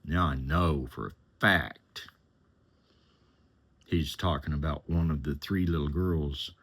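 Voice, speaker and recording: Very deep, slow-talking man. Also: fairly bright tone, slightly rough. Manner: plain-spoken, unhurried, conversational. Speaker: former chauffeur telling his story. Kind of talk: personal testimony storytelling.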